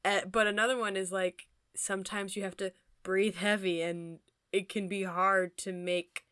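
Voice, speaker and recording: A woman's voice: medium pitch, little pitch movement, moderate pace, a bit bright, clean tone, no room sound, clean studio sound. A young woman co-hosting a podcast in casual chat, chatty and laughing often, with lots of fillers. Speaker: podcast co-host.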